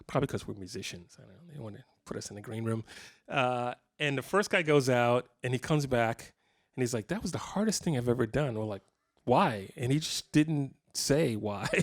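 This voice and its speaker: A man in his fifties telling rambling, self-deprecating stories at a guitar clinic, with many restarts. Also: medium pitch. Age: 50s. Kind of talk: casual storytelling to a live audience. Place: guitar shop clinic room.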